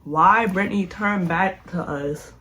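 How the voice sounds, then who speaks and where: A young woman vlogger telling a storytime in a chatty, animated way, speaking straight to her viewers. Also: fairly low pitch, slow pace, slight background noise. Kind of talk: casual storytime.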